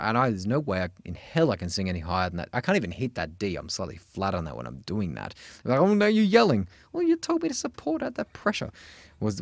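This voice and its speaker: A man's voice: on the low side, no echo, studio quality. A man in his forties, a vocal coach talking candidly and swearing freely in a casual lesson.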